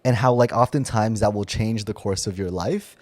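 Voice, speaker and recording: A man's voice: lowish voice, normal speed, no echo. A young man co-hosting a podcast, telling a story in casual chat and laughing often. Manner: animated, laughs often, acts out his own nervous voice. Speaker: podcast co-host.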